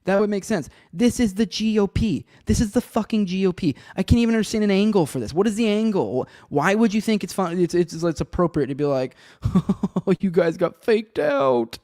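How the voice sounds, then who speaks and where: Podcast host: man, rambling and sardonic, swears freely, dark mellow voice on a dry, close track. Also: high-pitched, lively intonation, brisk, few pauses, no room sound. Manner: rambling, profane, sardonic, many restarts. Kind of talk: casual solo commentary with chat. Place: home room with a cat and a desk.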